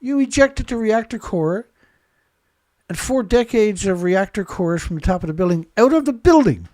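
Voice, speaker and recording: An angry man rants through his live show, throwing insults and firing rhetorical questions. His voice sits a little high and is lightly congested. The recording is dry and close, with no room sound. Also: moderate pace, darkish tone, no echo. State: congested, blowing nose. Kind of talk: impassioned live commentary.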